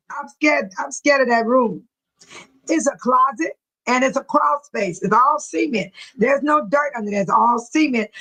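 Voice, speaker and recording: A woman's voice: sits high, a bit bright, rough recording. A middle-aged woman from California hosting a casual livestream from her home, chatting with viewers by name and laughing often. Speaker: livestream host. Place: home room near a bathroom.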